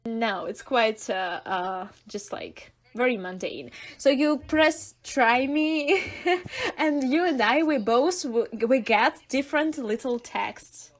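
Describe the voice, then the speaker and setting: Podcast co-host: young woman, Russian accent, chatty and halting, higher-pitched. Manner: chatty, laughs often, hesitant fillers. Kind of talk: casual chat.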